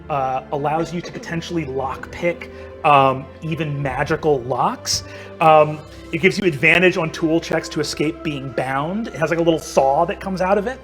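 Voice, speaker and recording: A man's voice: a little high, a bit bright. A man in his thirties narrating as game master in a casual way, with many ums and likes.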